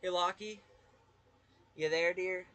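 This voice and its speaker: A man's voice: high-pitched, fairly even intonation, slow, bright, forceful tone. A young man giving casual let's-play commentary as a gaming host, rambling and hesitant, often repeating words and swearing offhand.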